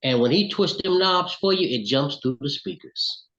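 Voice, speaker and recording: A middle-aged man from Alabama with a Southern accent, telling lively stories as an interview guest. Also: a little high, normal speed, highs cut off. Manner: animated storyteller, acts out voices in quotes. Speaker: recording artist, interview guest. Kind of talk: storytelling in casual interview.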